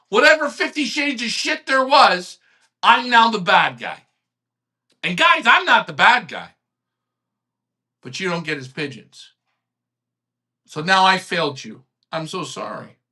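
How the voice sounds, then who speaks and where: Heated male live-stream host, ranting and cursing, lively swooping pitch, bright tone. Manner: ranting, swearing, animated, swings loud to quiet. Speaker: host of a live online pigeon club show.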